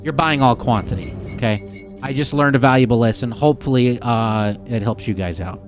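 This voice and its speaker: A man streaming live gameplay, chatting excitedly and casually swearing as he talks to his viewers. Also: medium pitch, moderate pace, music in the background. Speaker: game streamer. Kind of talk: live gameplay commentary to chat.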